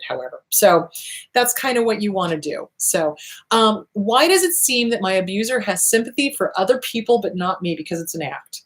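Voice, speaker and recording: Woman host giving straight-talk advice, emphatic, repeats herself, mid pitch, casual. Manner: blunt and emphatic, repeats short commands; acts out quoted voices with big pitch swings. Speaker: host answering viewer questions on abuse recovery.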